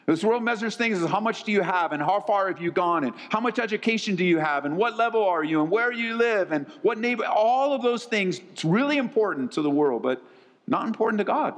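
Emphatic high-voiced male preacher. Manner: emphatic, repeats key phrases, addresses congregation directly. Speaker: pastor. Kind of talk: sermon. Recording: long hall reverb.

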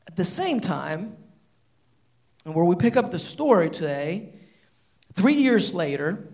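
A man preaching a sermon, retelling a Bible story in animated, casual storytelling with lots of "like". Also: high-pitched, slow pace. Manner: animated storytelling, many fillers like "like". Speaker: pastor.

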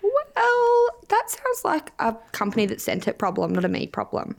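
A woman co-hosting a podcast, emphatic and playful, quick to agree with her friend. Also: mid-range voice, huge pitch swings, gravelly. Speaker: podcast co-host. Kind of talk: casual chat.

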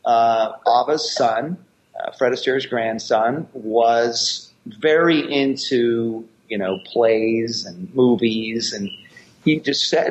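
An American man, a martial arts actor appearing as a guest, tells long, rambling stories in an interview, restarting often. His voice is medium-pitched and slow, and the sound is lo-fi.

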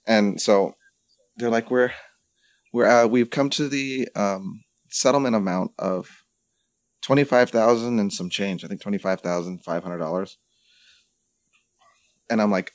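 Low-voiced man telling a rambling story. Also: unhurried, long pauses, dry recording. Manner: rambling storyteller, swears freely. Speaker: podcast host. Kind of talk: casual chat.

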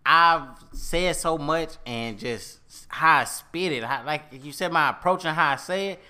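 A man co-hosting a podcast, telling stories in a casual, halting, slangy way with many restarts. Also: on the high side, bright, forceful tone. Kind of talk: casual chat.

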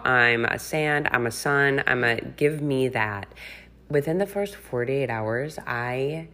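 Middle-aged woman, very low pitch, frank and chatty solo podcast host. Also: fairly bright tone. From Wisconsin. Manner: chatty, candid, laughs and swears. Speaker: podcast host and health coach. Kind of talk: casual solo podcast chat.

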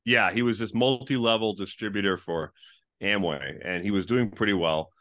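Animated storytelling man in his fifties. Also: lowish voice, moderate pace. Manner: animated, fills with "like", acts out quoted people in a raised voice. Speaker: interview guest, former pastor. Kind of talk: personal storytelling in a conversational interview.

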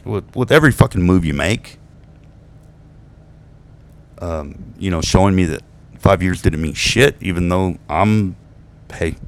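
A man's voice: low voice, gravelly. A man talking straight to the camera in a rambling, profane monologue, swearing often and laughing at his own jokes. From United States. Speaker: vlogger venting about exes.

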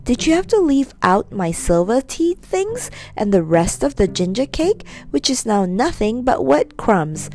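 A woman's voice: a little high, very animated, a little slow, hardly any pauses, darkish tone. A woman doing a cross, scolding aunt. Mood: angry scolding. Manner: angry, nagging, sarcastic.

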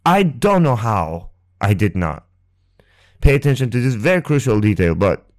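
A man hosting a podcast and telling a painful personal story. He speaks haltingly and emotionally, restarts often and swears, close to the mic. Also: medium pitch, big pitch swings, dry recording. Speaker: podcast host. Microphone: close ASMR microphone.

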